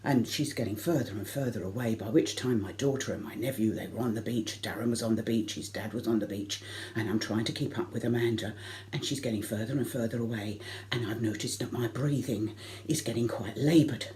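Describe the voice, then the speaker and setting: A middle-aged woman telling a comic personal anecdote to a concert audience, lively and self-mocking. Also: very deep voice, fairly quick, a little hiss or hum. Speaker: variety concert performer.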